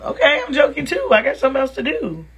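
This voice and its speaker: A woman vlogger telling her viewers a dating story in a casual, animated, sassy and blunt way. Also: sits high, fast talker.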